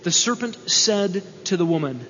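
A man's voice: high-pitched, lively intonation, normal speed, a bit bright, a little hiss or hum. A male preacher giving a sermon, emphatic, repeating key lines and asking rhetorical questions. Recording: dull sound with long hall reverb.

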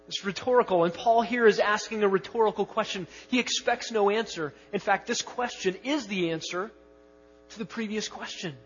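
High-voiced pastor preaching emphatically. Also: male voice, slightly rough. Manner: emphatic, swings between slow stressed words and quick asides. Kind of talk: sermon. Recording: dull lo-fi sound with long reverb in a hall.

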